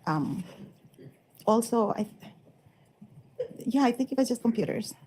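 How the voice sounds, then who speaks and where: A woman testifying in court, giving short, halting and unsure answers. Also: on the high side, expressive, warm tone, slight background noise, rough recording. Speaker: trial witness.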